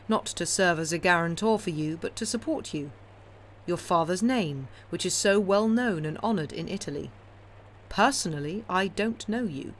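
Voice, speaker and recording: A woman reading a calm ironic count. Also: lowish voice, a little hiss or hum, lightly acted. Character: calm, ironic older male count, commanding and sly.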